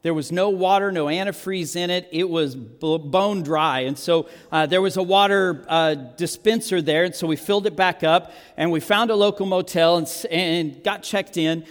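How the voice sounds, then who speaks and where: Preacher, high-voiced man, lively storyteller, big hall reverb. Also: normal speed, hardly any pauses. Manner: animated, self-amused storyteller with frequent restarts. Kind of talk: sermon storytelling.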